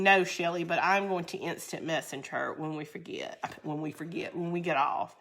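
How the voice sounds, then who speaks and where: A woman's voice: on the low side, expressive, moderate pace, a bit bright. A woman from the Southern United States with a Southern drawl, chatting casually and laughing as she crafts and reads viewer comments. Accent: Southern American. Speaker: craft video host.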